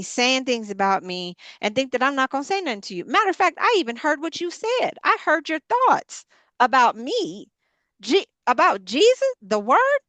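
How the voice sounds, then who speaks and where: A woman voicing Jesus as an exasperated man who is fed up with his critics and protests in quick, indignant bursts. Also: on the high side, a bit bright, dry recording. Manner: indignant, rapid-fire protesting.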